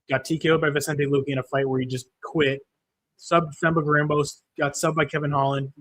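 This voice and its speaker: A young man with a medium-pitched, slightly bright voice hosts a live fight-watching stream. He rants in frustration about a lost bet, swearing heavily, and reads viewer chat comments aloud.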